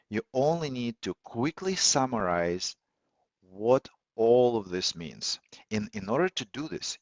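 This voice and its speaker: A man hosting a live online audio session, teaching in a measured way with many fillers and restarts. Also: mid-range voice, no room sound. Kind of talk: teaching talk on listening skills. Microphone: computer or phone mic on a call. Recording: dull, lo-fi audio call, dry.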